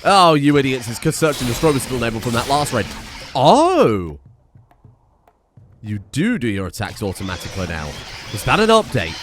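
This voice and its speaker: A young man giving excitable, chatty let's play commentary and swearing freely. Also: mid-range voice, normal speed, long pauses, over music. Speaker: gaming streamer.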